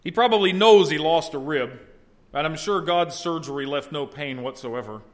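A man's voice: a little high, moderate pace. A middle-aged man preaching a sermon in a conversational way, at times building to emphatic exclamations. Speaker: pastor.

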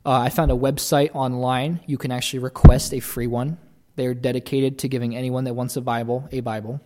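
A man's voice: mid-range voice, level tone, fairly quick, mellow. A young man preaching a sermon in an earnest, conversational way, acting out the voices he quotes.

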